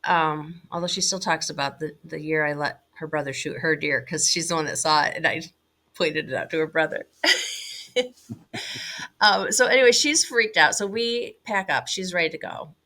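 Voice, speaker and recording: A middle-aged woman recounting a hunting trip as an interview guest, animated and full of "like"s and fillers. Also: low voice, moderate pace. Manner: animated, many fillers and "like"s, laughing now and then. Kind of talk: casual storytelling.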